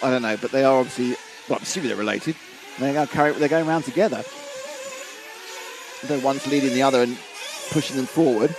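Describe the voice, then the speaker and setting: A man's voice: mid-range voice, quick pace, background noise. A man giving live race commentary on a stream, chatty and wry, reading viewer comments and tripping over names. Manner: stumbles over names and restarts.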